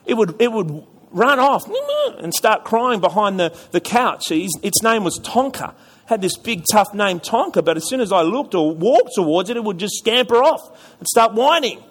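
Man preaching, high voice, chatty, repeats words, long echo of a church hall. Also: lively intonation, normal speed, a bit bright, husky. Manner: conversational, repeats words, asks the audience questions. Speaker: pastor. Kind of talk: sermon with storytelling.

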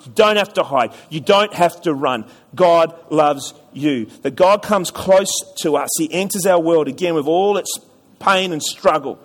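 High-voiced pastor in a reverberant hall. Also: male voice, normal speed. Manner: conversational, repeats words, asks the audience questions. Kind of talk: sermon with storytelling.

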